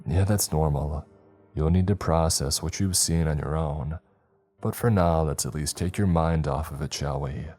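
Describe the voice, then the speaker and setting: Narrator doing a calm, steady man, deep and mellow, soothing tone. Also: normal speed, soft background music. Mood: reassuring. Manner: gentle, reassuring. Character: calm, kindly male patient who keeps the peace.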